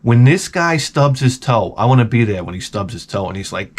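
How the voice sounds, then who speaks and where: Man in his forties, vlogger, casual storytelling, wry and profane, very animated pitch, mid-range voice. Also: normal speed, hardly any pauses, slight background noise. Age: 40s.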